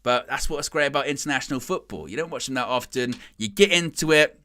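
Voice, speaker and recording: A man chatting casually and rambling excitedly about football on a fan channel's live stream, laughing often. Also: medium pitch, fast. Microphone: headset.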